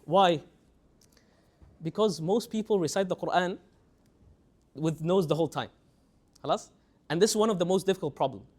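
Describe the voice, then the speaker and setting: A young man teaching a tajweed class in a lively lecture style, often repeating words and breaking off to chant slow example phrases. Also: high voice.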